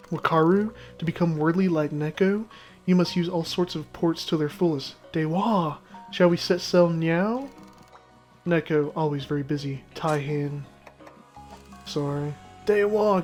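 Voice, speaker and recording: Brief: swaggering little cat deckhand, read aloud by a gamer, clipped broken phrasing, medium pitch. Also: a little mellow, close to an everyday voice. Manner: clipped pidgin phrasing sprinkled with Japanese words. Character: boastful male cat sailor, broken speech.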